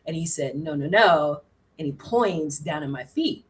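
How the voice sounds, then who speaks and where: Animated woman telling a story from a distance. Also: low voice, measured pace. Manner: animated, laughs often, acts out quotes. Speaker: guest. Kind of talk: casual storytelling.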